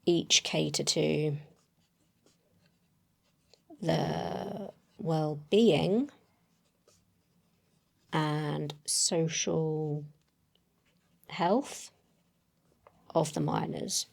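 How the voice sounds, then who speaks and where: A woman's voice: sits low, very slow, creaky, pauses often. A woman playing a solo tabletop game, thinking aloud as she writes, hesitant and full of self-corrections.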